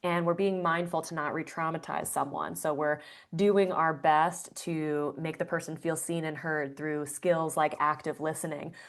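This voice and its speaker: A woman's voice: deep voice, moderate pace. A woman guest on an interview podcast, explaining breathwork earnestly with frequent fillers. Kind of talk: conversational interview answer.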